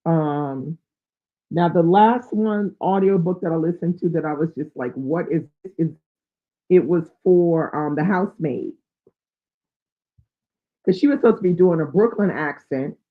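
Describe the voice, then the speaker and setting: A woman's voice: lowish voice, a little slow, pauses often. Chatty woman streamer on a tinny line. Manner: chatty, thinks aloud with fillers. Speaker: book channel host. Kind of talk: live-stream chat reading out viewer comments. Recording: tinny, phone-like sound.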